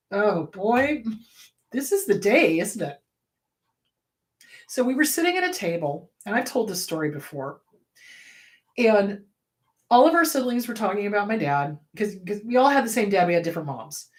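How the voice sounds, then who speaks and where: A woman therapist hosting her own show, talking in a candid, conversational way. She is blunt and emotional, and her voice jumps up high and loud whenever she quotes someone. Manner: swings to loud, high bursts when quoting. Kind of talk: casual advice talk.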